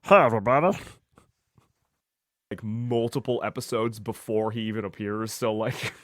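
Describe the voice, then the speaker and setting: A man's voice: lowish voice, level tone, normal speed, darkish tone, dry recording, studio quality. A man doing a casual, offhand voice test for a podcast, loose and swearing a little.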